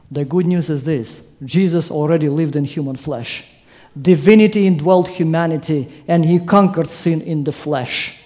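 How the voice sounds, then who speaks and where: Emphatic, warm-voiced male preacher. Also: a little high. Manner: emphatic, swelling to loud climaxes. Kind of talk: sermon.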